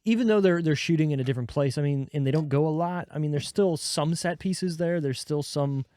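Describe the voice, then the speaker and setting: A man's voice: fairly high pitch, a little fast, warm tone, no echo. Chatty man, dry close mic. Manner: loose, swearing, joking. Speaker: podcast host. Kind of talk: casual podcast chat.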